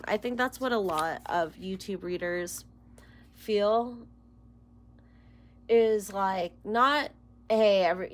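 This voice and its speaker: A woman's voice: fairly high pitch, gravelly, a bit bright. A woman doing a casual tarot reading to camera, emotional and close to tears, rambling and dropping into whispers. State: near tears. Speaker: tarot reader.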